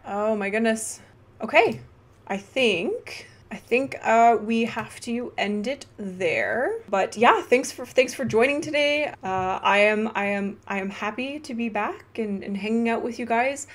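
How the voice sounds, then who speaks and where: A young woman hosting a casual gaming live stream, bubbly and giggly, reading chat aloud and reacting with excited exclamations. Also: fairly high pitch, unhurried. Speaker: livestream host.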